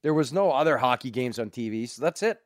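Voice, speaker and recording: A man's voice: mid-range voice, lively intonation, quick pace, no echo, clean studio sound. A man from Canada, a former hockey player, telling stories in casual chat, laughing often and swearing freely.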